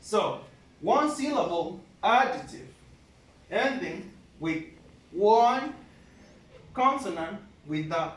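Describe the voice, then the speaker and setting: A high-pitched man gives an English grammar lesson at an unhurried, deliberate pace. He explains patiently and spells out letters one at a time. His voice sounds echoey and distant, as if the mic sits across a room. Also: lively intonation, a bit bright. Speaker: English teacher.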